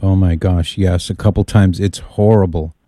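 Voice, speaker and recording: Mellow-voiced male radio host. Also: deep voice, steady tone, moderate pace, dry recording, clean studio sound. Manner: jovial, playful banter. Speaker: radio talk show host. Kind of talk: casual call-in radio chat.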